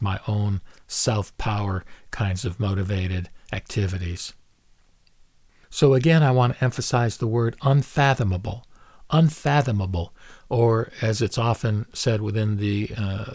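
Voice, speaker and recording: A man giving a reflective spoken commentary on a Buddhist scripture, speaking in a measured way and slowing down to stress key words. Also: mid-range voice, a little mellow, no echo.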